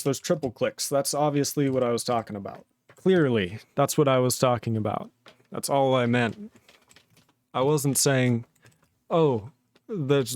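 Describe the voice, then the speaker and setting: A man's voice: mid-range voice, a little mellow, no room sound. A man livestreaming while he codes, ranting in an exasperated, sarcastic way, swearing often and mocking other people in put-on voices. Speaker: livestreaming programmer. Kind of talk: ranting casual stream talk.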